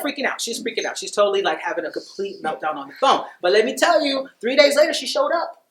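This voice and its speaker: A man's voice: very high voice, animated, quick pace, a bit bright, reverberant, slight background noise. A man in his thirties telling a personal story in a conversational way. He laughs often and fills his talk with "you know". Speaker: speaker at a dinner talk.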